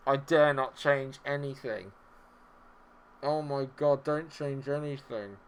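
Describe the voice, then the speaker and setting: Young man, gaming streamer, excitable, swearing, faint background hiss. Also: mid-range voice, slow. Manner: excitable, swears, swings from muttering to yelling. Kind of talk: live game commentary.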